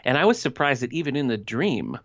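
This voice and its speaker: A man's voice: medium pitch, big pitch swings, a little fast. Laid-back man podcast co-host, dry jokey asides, slightly muffled lo-fi sound. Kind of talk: casual TV episode recap chat. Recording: slightly dull lo-fi audio.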